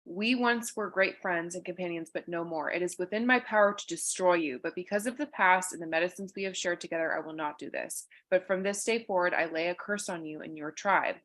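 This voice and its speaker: A woman's voice: on the low side, a little fast, few pauses, fairly bright tone, lightly acted. A woman voicing a hurt, stern female witch in a read-aloud fable, speaking solemnly. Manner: solemn, grave.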